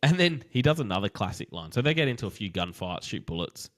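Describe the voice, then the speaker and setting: A man recapping a TV show in casual chat, acting out scenes in quick quoted voices. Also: lowish voice, very animated, fairly bright tone, dry recording. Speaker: podcast co-host.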